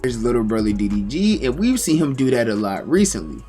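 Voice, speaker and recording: Male narrator, lively pitch, scripted storytelling recap over faint music. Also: brisk. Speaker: narrator of a commentary video.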